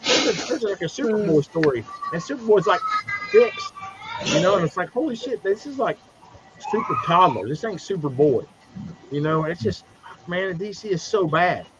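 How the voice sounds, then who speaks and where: Profane, animated man recapping a comic. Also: sits high, moderate pace. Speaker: comic book panelist. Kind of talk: casual livestream chat. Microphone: video call. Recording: dull lo-fi stream audio with noise.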